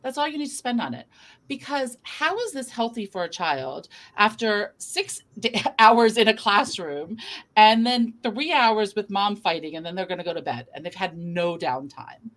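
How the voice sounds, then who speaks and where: Brisk woman hosting an interview. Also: mid-range voice, expressive, fairly bright tone. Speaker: host, education lawyer. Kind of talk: conversational interview.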